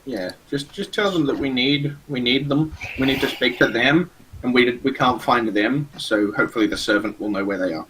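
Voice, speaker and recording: Animated, joking male player. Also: medium pitch, moderate pace, slight background noise, poor audio. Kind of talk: tabletop game chat.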